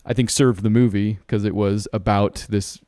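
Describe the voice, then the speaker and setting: A man's voice: on the low side, fairly even intonation, normal speed, mellow, no echo, clean studio sound. A man co-hosting a casual podcast, talking through a film in a chatty, analytical way with many asides. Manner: chatty, analytical, frequent "like" and "right?". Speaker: podcast co-host.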